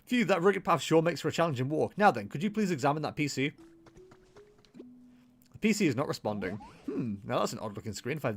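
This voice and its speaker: A man's voice: on the high side, very animated, fairly quick. A man reading out a friendly, helpful game companion's lines in his own voice. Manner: reading on-screen dialogue aloud.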